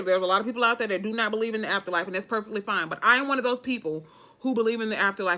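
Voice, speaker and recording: A woman's voice: mid-range voice, pushed and bright. A woman from Alabama with a Southern accent, talking casually and emphatically to her viewers. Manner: chatty, emphatic, keeps saying okay, dialect grammar. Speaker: vlogger. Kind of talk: casual motivational talk to camera.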